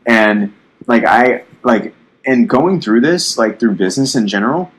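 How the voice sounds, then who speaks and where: A man's voice: mid-range voice, expressive, measured pace, poor audio. A young man in his twenties hosting a casual podcast, rambling bluntly with lots of swearing and fillers; his voice sounds youthful. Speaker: podcast host.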